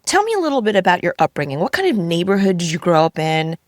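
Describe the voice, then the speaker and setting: A woman hosting a podcast, asking quick, upbeat questions of her guest. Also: lowish voice, sing-song, dry recording, clean studio sound. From New York. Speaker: podcast host. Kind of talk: casual interview.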